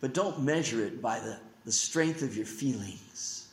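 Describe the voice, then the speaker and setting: A man preaching a sermon as pastor, swinging from emphatic declarations to hushed, slow asides. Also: mid-range voice, expressive, echoey room.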